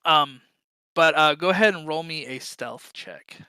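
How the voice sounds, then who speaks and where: Bright-voiced man running a tabletop game. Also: fairly high pitch, clear, resonant tone, no room sound, rough recording. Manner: chatty, halting narration with many fillers. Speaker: game master.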